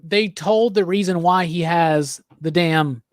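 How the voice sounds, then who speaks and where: A man hosting a casual podcast chat, talking in an animated, blunt way and swearing freely. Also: on the high side, slow pace, no room sound, clean studio sound. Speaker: podcast host.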